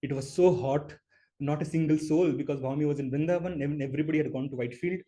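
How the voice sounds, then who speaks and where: A man tells a personal story at an online devotional session. He talks earnestly, with many fillers and pauses, and his voice rises with feeling at the story's high points. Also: warm tone. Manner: earnest storytelling with many fillers, rising emotion at key moments. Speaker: devotional speaker. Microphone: online call microphone.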